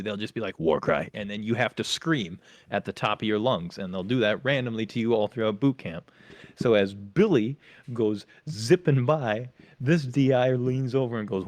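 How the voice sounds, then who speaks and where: A man co-hosting a podcast, telling a lively story about his days as a Marine and acting out his drill instructors. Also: medium pitch, moderate pace. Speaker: podcast co-host; former Marine. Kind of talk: casual storytelling chat.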